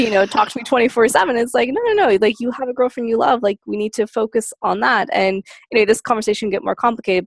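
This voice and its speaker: A woman talks through her thoughts in a casual group discussion. Her voice has a gravelly fry and the sound is dry and close. She speaks in a reflective, thoughtful way. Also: mid-range voice, no room sound. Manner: thoughtful, reflective, some restarts. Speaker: discussion participant.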